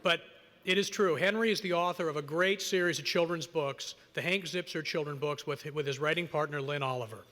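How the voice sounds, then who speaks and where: A man giving a prepared, measured introduction of the evening's host at an awards event. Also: a little high, bright, forceful tone. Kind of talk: formal read introduction. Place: large hall at an awards ceremony. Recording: long reverb of a large hall.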